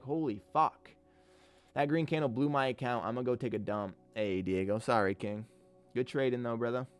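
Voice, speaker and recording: A man's voice: medium pitch, clear, resonant tone. Cursing young man streaming his trades. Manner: excitable, swears often, talks to chat. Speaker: livestreaming day trader. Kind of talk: live trading stream commentary. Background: faint music.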